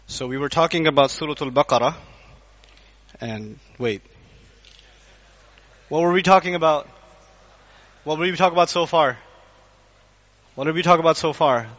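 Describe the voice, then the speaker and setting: A man giving an animated Quran lecture to a live audience, acting out scenes and quizzing the listeners. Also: a little high, normal speed, long pauses, in a large hall. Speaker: Islamic lecturer. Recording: dull lo-fi lecture recording.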